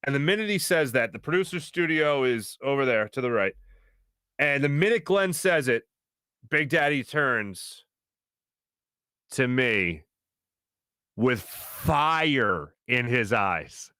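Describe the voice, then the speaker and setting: Animated male talk-show host telling stories. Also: fairly high pitch, a little slow, no echo, clean studio sound. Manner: animated, laughing as he acts out quotes. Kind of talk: casual storytelling on a sports talk show. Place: radio studio.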